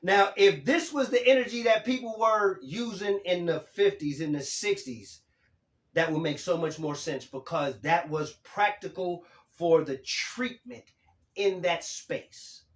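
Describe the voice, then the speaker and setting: High-voiced emphatic man, echoey room. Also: unhurried. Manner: emphatic, animated, swears casually. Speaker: livestream host. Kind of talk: casual livestream talk.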